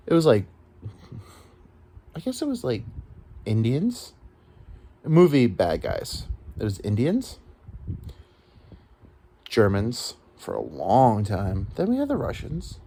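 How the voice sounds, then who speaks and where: A man's voice: lowish voice, gravelly, a little mellow, a little hiss or hum. A man in his thirties rambling through a crude, self-deprecating solo comedy monologue. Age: 30s.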